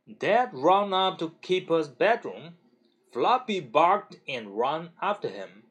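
Gentle man reading a bedtime story aloud, unhurried, hesitant fillers. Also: fairly high pitch, big pitch swings. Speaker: parent reading to a child.

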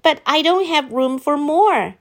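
A woman voicing a cheerful young boy at summer camp in a storybook reading, speaking in a high, excited way. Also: unhurried.

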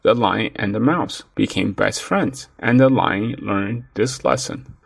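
A man narrating a children's story in an expressive storytelling manner. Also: on the low side, a little slow, vocal fry, husky, dry recording.

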